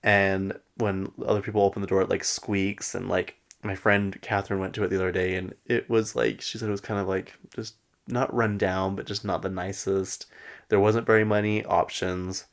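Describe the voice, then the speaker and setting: A male podcast host rambles through a reality-show recap with a low voice full of gravelly fry. He talks casually and excitably, leaning on "like" at every turn and breaking into laughs. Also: normal speed. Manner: rambling and excitable, many "like" fillers, laughs often.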